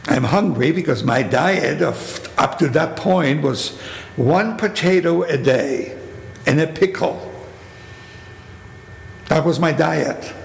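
Gravelly older man with a German accent. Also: fairly high pitch, slow, pauses often. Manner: vivid storytelling, acts out quoted voices, rhetorical questions. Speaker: Holocaust survivor telling his story. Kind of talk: spoken testimony. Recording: echoey hall with faint noise.

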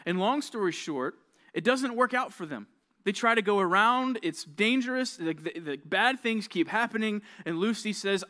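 A young adult man giving a youth sermon to junior high students, telling a story in a conversational, animated way and acting out the quoted lines. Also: moderate pace.

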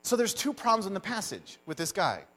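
Animated high-voiced preacher. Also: male voice, a little fast. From United States. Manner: animated storyteller, lively emphasis. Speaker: pastor. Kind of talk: sermon.

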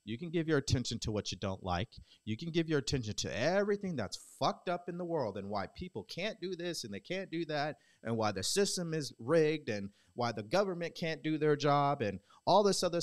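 A man's voice: fairly high pitch, sing-song, brisk, few pauses. A man hosting his own podcast, giving a blunt, preachy motivational talk, swearing casually and challenging listeners with repeated rhetorical questions. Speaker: podcast host. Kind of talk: motivational monologue.

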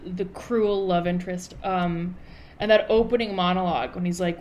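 A woman's voice: on the low side, fairly even intonation, moderate pace, darkish tone. A woman talks through film trivia she has looked up, in a casual movie review chat. She is chatty and leans on fillers as she goes. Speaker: podcast co-host.

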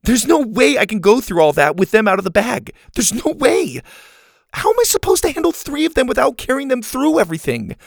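A man's voice: very high-pitched, very animated, a little fast, creaky, no room sound, clean studio sound, voice pushed up, full character voice. A man voicing an upset, frustrated young girl at camp, whiny and exasperated.

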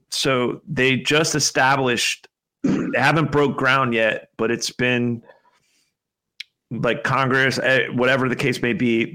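Bright, rambling podcast host man. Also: medium pitch. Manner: rambling, exasperated, full of fillers. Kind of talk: casual podcast chat.

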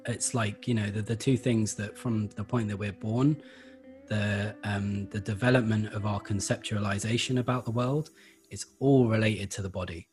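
A man explaining Feldenkrais practice in a relaxed interview, thoughtful and hesitant, with many fillers. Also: lowish voice, moderate pace, faint music behind. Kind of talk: conversational interview.

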